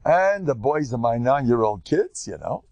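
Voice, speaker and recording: An older man from the United States, giving a lively Torah lecture as a rabbi in a joking, animated storytelling way. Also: mid-range voice, normal speed, no echo, highs cut off.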